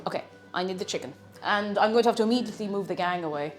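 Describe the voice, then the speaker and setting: Cooking at home in Ireland, this young woman live-streams in a chatty, giggly way and reads comments from her chat out loud. She speaks at a racing pace in a medium pitch, with faint music in the background.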